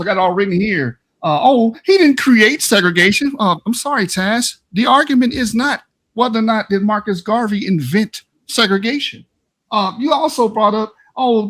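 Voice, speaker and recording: Man, debate rebuttal, combative and emphatic, taunting tone, slightly high voice. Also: fairly bright tone. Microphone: online stream call mic.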